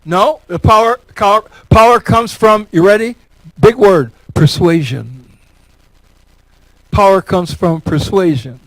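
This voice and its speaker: High-voiced joking man speaking dry. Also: moderate pace, hardly any pauses, a bit bright, no room sound, poor audio. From Elmira, New York. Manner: folksy, joking, repeats words for emphasis. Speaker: guest speaker. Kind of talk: speech with audience questions.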